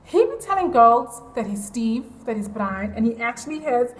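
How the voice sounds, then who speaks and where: Chatting to her vlog viewers, a high-voiced woman confides a story with plenty of ums and "I'm like." She's very animated and talks at a normal speed, and the room carries a noticeable echo.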